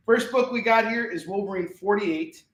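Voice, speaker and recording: A man from Chicago in the US Midwest hosts a casual live sale of comic books, keeping up rambling, upbeat salesman patter in his Chicago accent. His high-pitched voice moves at a measured pace, but the audio is poor, with a distant mic and an echoey room.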